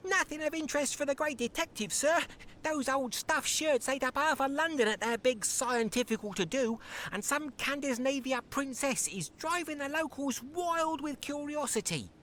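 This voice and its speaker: A woman voicing a cheeky young London street boy in a game, talking in quick street slang. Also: high voice, a bit bright, a little hiss or hum. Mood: eager.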